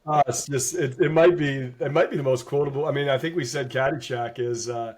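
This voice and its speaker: A man's voice: medium pitch, fairly quick, darkish tone. A man co-hosting a podcast in casual chat, enthusiastic and laughing as he recalls favorite scenes. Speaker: podcast co-host.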